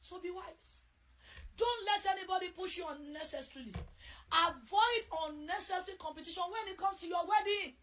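A middle-aged woman with a Nigerian accent preaching a sermon, repeating key phrases and shouting them for emphasis. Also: very high voice, a little fast, a little hiss or hum.

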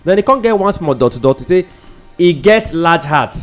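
A man's voice: on the high side, lively intonation, normal speed, faint music behind. A man with a Nigerian accent hosting a newspaper review show, joking and laughing often in casual banter.

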